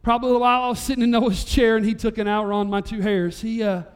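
High-voiced pastor telling a story. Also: male voice, fast, clear, resonant tone. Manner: storytelling, animated, voice rising to near-shouts at climaxes. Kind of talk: sermon. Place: church sanctuary.

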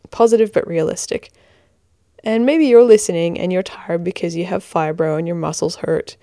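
A woman's voice: on the low side, mellow, no room sound, studio quality. A tired woman in her twenties with a hybrid American-Australian accent, hosting a casual podcast, giggly and self-deprecating, recorded in a bedroom blanket fort. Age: 20s. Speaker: podcast host.

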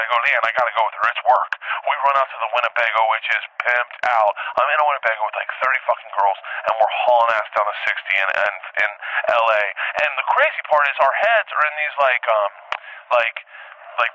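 A man rattles off a long dream story in an animated, profane way. His pitch swings all over and his tone is bright and sharp. The sound is thin, like a phone line. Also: no echo. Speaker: caller telling a dream. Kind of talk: rambling voicemail anecdote.

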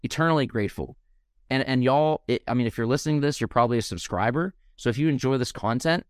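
A man's voice: medium pitch, fast, clear, resonant tone, dry recording, studio quality. A young man hosting a podcast interview, speaking with passion and heartfelt gratitude. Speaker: podcast host.

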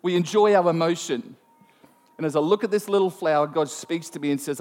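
A man preaching a sermon, telling a personal story in an animated, self-mocking way. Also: on the high side, brisk. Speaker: pastor. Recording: long hall reverb.

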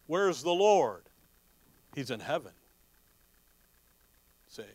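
A man's voice: fairly high pitch, big pitch swings, very slow, darkish tone, dry recording. A man preaching a Bible teaching sermon who asks his listeners questions and answers them himself, with joking asides. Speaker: pastor.

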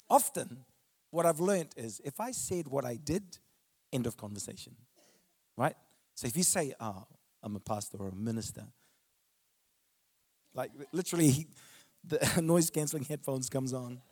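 A man's voice: mid-range voice, expressive, moderate pace, pauses often, a little mellow, husky. A man preaching a sermon. He tells stories in a chatty, conversational way and then builds to emphatic, declarative preaching. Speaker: pastor.

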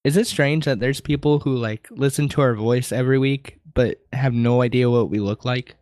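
A man's voice: mid-range voice, normal speed, no room sound, clean studio sound. A man co-hosting a casual podcast, chatting loosely and laughing often. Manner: laughs often, animated delivery. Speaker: podcast co-host. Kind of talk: casual chat.

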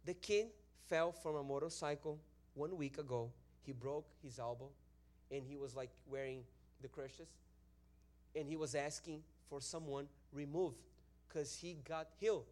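A man from Brazil with a Brazilian accent, telling a testimony in a sermon. He tells the story with lively energy, dropping to hushed prayer and rising to loud praise. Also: a little high, normal speed. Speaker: preacher.

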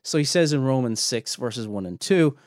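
A man's voice: mid-range voice, animated, normal speed, dry recording, studio quality. A man hosting a podcast, teaching on theology in an earnest, emphatic way that climbs sharply when he presses a point. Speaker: podcast host and Bible teacher.

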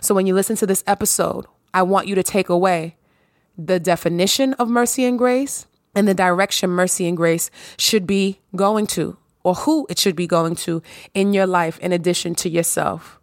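A woman's voice: on the low side, steady tone, moderate pace, no echo. Woman podcaster preaching into a close mic, dry room, lots of rhetorical questions. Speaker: podcast host. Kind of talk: podcast monologue.

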